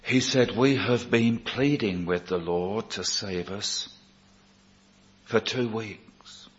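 A male preacher telling a conversion story in a sermon, quoting the people in it as he goes. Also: fairly low pitch. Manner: slow storytelling, quoting others in dialogue. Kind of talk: sermon testimony. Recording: dull lo-fi recording.

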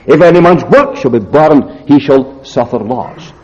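A man preaching an expository sermon, solemn and deliberate, slowing down to read scripture aloud. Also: mid-range voice, lively intonation. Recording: echoey hall, dull lo-fi sound.

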